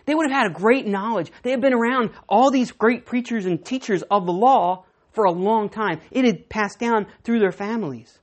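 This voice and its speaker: A woman pastor preaching a sermon, emphatic, often repeating words and swinging between loud and hushed. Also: a little high, normal speed, hardly any pauses.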